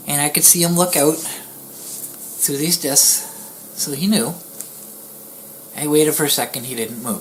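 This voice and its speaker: A man vlogger telling a personal story in a somber, halting way, often pausing, restarting and dropping to a near-whisper. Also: mid-range voice, slight background noise, poor audio. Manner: halting and soft-spoken, with pauses, restarts and dips into near-whispers; somber, grieving tone. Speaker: YouTuber.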